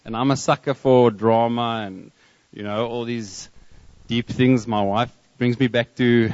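A man with a South African accent preaching a sermon, telling a story in a reflective way with pauses and restarts. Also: medium pitch, steady tone, a little mellow. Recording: long hall reverb, dull lo-fi sound.

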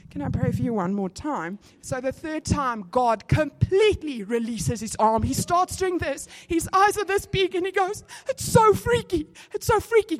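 A woman with a South African accent preaching a testimony sermon and acting out conversations as she tells them. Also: on the high side. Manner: animated storytelling, acting out conversations. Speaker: church speaker.

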